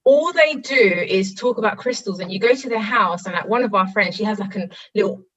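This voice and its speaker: A woman's voice: mid-range voice, brisk, fairly bright tone, recorded from a distance, dull audio. A woman hosting a podcast in casual chat, full of "like" and "literally". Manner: chatty, lots of "like" and "literally". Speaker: podcast host.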